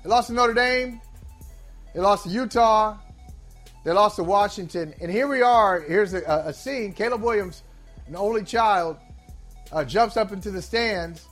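Man, sports talk host, high voice, discursive, emphatic, playful, self-correcting. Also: a little slow, fairly bright tone, soft background music. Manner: discursive and emphatic, with restarts and asides; sincere and playful, laughs at himself. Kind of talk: sports talk show chat.

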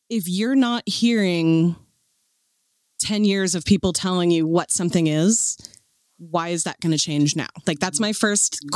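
A woman's voice: lowish voice, a little mellow, no echo. Thoughtful woman co-host, dry sound. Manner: thoughtful, pauses to find words, laughs often. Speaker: podcast co-host. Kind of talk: casual chat.

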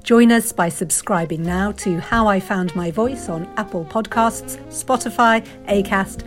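A woman podcast host narrating a scripted trailer in a measured, inviting way. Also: mid-range voice. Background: faint music.

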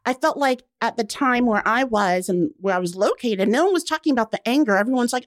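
A young woman talking casually as a podcast guest, expressive and quick to laugh, acting out quotes as she speaks. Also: a little high, no echo, clean studio sound. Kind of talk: casual interview chat.

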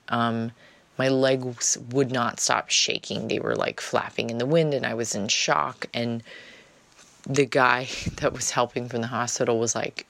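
A woman's voice: a bass voice, no echo. A woman telling a personal story in a casual, chatty monologue, often dropping "like" as filler.

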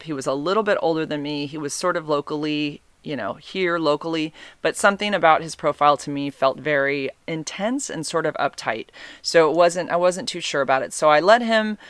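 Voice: medium pitch, a bit bright, clean tone, dry recording. A vlogger telling a personal dating story in a casual, rambling way, often correcting themself, open and emotionally candid.

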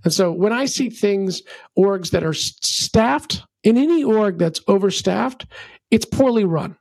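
Man, middle-aged, podcast guest, gravelly fry, energetic rambling storyteller. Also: high voice, measured pace, no echo, clean studio sound. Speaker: podcast guest, venture capitalist. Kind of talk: animated conversational advice.

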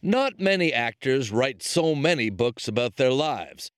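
Man narrating a news feature, lively pitch. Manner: measured storytelling delivery. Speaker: correspondent.

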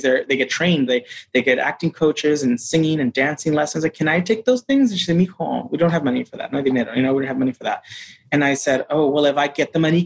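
A man telling a personal story in a casual interview, acting out quoted voices with lively shifts. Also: creaky, breathy edge. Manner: animated, acts out quotes in a higher voice. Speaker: interview guest.

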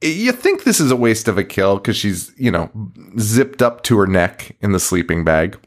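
A man's voice: on the low side, big pitch swings. A man co-hosting a podcast, chatting casually about a movie, swearing often, laughing and acting out scenes. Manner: profane, laughing, acts out scenes in quick voices. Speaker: podcast co-host. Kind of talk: casual movie review chat.

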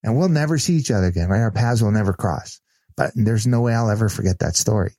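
Podcast guest, man with a lowish voice, earnest animated storyteller, dry close mic. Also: fast, no echo. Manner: earnest, animated retelling with restarts. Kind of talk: storytelling in casual conversation.

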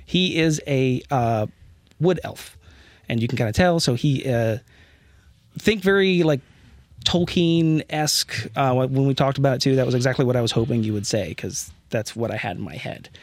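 A man's voice: medium pitch, normal speed, no echo. A man narrating a tabletop game as game master, rambling with many fillers.

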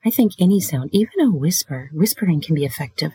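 A woman hosting a sex and relationship advice show in a casual monologue, blunt and full of swearing, often laughing and slipping into breathy whispers. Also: low voice, lively intonation, fast, few pauses, warm tone, no room sound.

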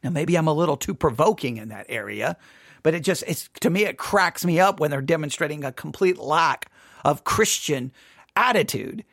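Man teaching the Bible, provocative and animated. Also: on the high side, moderate pace, no room sound, clean studio sound. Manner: provocative, sarcastic, challenging.

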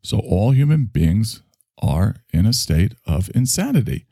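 A man's voice: lowish voice, very animated, measured pace, mellow, no echo, studio quality. A man, a spiritual teacher, telling a rambling, digressive story in a casual monologue, swearing now and then.

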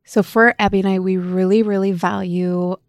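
A woman's voice: medium pitch, fairly even intonation, normal speed, no echo. A woman co-hosting a podcast in casual chat, retelling stories with quoted dialogue. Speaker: podcast co-host.

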